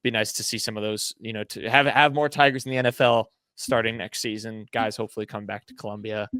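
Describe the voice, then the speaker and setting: A man's voice: fairly low pitch, fairly even intonation, quick pace, a bit bright, smooth, no echo. A young man co-hosting a casual sports podcast, rambling and teasing his co-hosts, often restarting his sentences. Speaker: podcast co-host.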